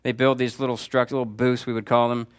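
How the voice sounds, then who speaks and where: A man's voice: mid-range voice, little pitch movement, fast, clean tone. A man preaching a sermon as pastor, in a conversational, emphatic style that repeats key phrases.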